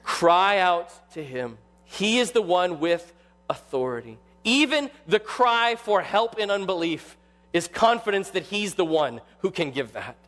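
A male pastor preaching a sermon with animated delivery, acting out quoted voices. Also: sits high, a little slow, long reverb tail, soft background music.

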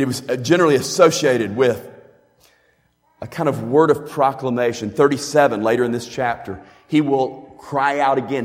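A man's voice: mid-range voice, darkish tone. Earnest male preacher in a reverberant hall. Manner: earnest, emphatic, explanatory teaching. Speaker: pastor. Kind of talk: sermon.

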